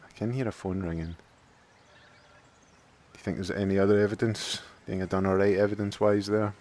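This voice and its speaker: A man's voice: on the low side, steady tone, a little fast, darkish tone. A man streaming a game, thinking aloud and joking as he plays. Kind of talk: casual let's play commentary.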